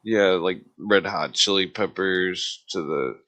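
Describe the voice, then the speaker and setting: A podcast host with a very deep voice and a bright, forceful edge. He drawls slowly and reacts with easy amazement. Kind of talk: casual chat.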